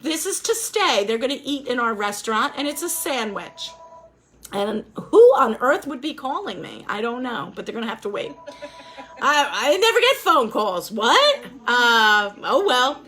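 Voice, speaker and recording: A woman's voice: a little high, big pitch swings, unhurried, bright, forceful tone, a little hiss or hum. A woman teaching a life skills class over a video call, upbeat and encouraging as she quizzes her students.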